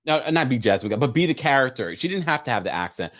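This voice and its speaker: A man with a lively, swinging voice hosts a live recap of a TV show. He talks casually and with emphasis, and he comes back to his points again and again. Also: medium pitch, fast talker. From Jamaican family. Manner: animated, emphatic, repeats points. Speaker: show host.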